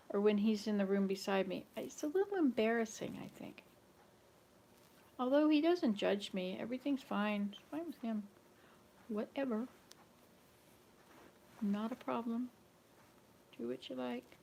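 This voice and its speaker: A woman's voice: on the high side, vocal fry, a little mellow. A woman at her rural home, chatting casually and humming old folk tunes to herself in a rambling way. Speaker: vlogger.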